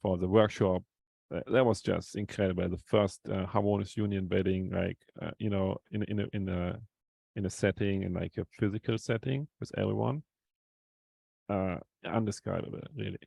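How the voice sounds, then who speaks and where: Deep gravelly hesitant man. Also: fairly even intonation, moderate pace, a little mellow, no room sound. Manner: hesitant, searching for words with many "uh"s. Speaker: guest coach. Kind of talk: casual podcast chat.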